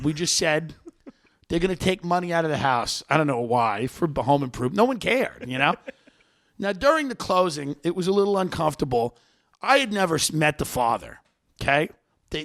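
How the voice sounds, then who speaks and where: A man with a high, gravelly voice tells a comic story as a podcast host. His pitch swings all over as he acts out the people in the tale, and a rough fry runs under his words. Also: fairly bright tone. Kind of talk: comedic storytelling.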